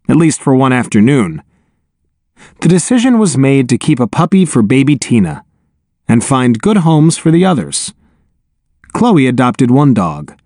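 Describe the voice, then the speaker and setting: A man narrating a children's novel in the first person, wry and lively. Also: mid-range voice, no room sound, studio quality. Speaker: audiobook narrator.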